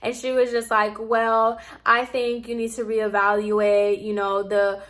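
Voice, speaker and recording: Bright, animated young woman telling a story. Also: fairly high pitch, measured pace. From Puerto Rican heritage. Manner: animated, exasperated retelling, acting out quotes. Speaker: vlogger. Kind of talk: casual storytime.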